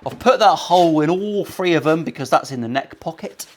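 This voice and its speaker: A fairly high-voiced man talks as he works in his workshop, cracking jokes and swearing freely. His banter is cheeky and rambling, full of side remarks to the viewer. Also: animated, a little fast, noisy background. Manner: cheeky, joking, rambling asides. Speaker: luthier, guitar-building vlogger. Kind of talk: casual sweary banter while working. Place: guitar workshop.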